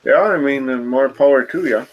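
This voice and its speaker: A man's voice: medium pitch, moderate pace, dull audio, lightly acted. A man doing a crude, wary rat-man. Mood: guarded. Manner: blunt, profane, laid-back. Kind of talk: tabletop role-play voicing.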